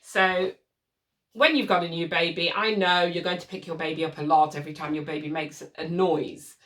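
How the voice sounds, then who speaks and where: A woman teaching parents a soothing technique for settling a baby, speaking calmly and patiently and demonstrating soft shushing. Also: fairly low pitch, normal speed. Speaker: baby sleep consultant. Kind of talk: instructional demonstration. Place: room with a changing mat set up as a crib. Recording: voice from a distance from the mic.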